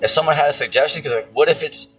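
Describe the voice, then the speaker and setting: A man's voice: on the high side, very fast, music in the background, rough recording. A man preaching casually and reading scripture, rambling with lots of fillers and some cursing. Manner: rambling, heavy on fillers, profane. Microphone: phone screen recording.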